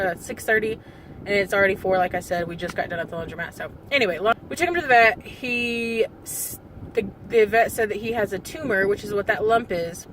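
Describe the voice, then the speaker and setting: A woman's voice: mid-range voice, a bit bright, rough recording. Young woman vlogger, casual phone-camera storytelling, loose and rambling, holding back tears, faint noise behind. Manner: rambling, full of fillers, fighting back tears. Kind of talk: casual personal vlog storytelling.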